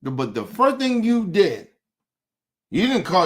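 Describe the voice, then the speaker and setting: A man's voice: sits high, very animated, measured pace, long pauses. Angry man ranting in street slang. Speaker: podcast host. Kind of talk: heated rant to camera.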